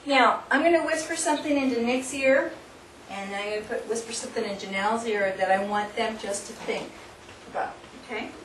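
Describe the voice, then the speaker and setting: A woman's voice: a little high, fairly quick. Echoey, distant woman leading a workshop. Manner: instructive, coaxing, laughs often. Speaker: seminar speaker. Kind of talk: live workshop demonstration. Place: hall with an audience. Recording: distant, echoey room recording with noise.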